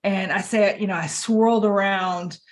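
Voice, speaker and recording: A woman's voice: mid-range voice, fairly even intonation, normal speed. A middle-aged woman hosting a podcast interview, chatting casually and encouraging her guest. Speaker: podcast host.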